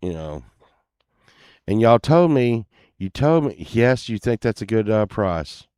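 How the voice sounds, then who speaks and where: A deep-voiced man with a drawl talks slowly and loosely to his viewers, muttering asides and the odd curse. The sound is close and dry with no room around it. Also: big pitch swings, darkish tone, smooth, no room sound. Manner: laid-back, mumbling, muttered asides and cursing. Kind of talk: casual chat to viewers while browsing listings.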